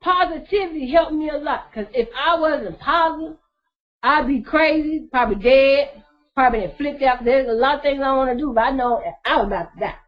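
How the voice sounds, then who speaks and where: A woman's voice: high-pitched, a little fast. A woman telling her story casually to her viewers, blunt and profane, laughing often. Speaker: vlogger. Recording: dull lo-fi recording.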